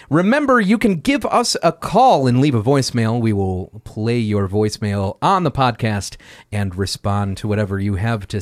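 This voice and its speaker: A man's voice: mid-range voice, dry recording, studio quality. A man hosting a podcast, laid-back and joking in a casual chat. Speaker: podcast host.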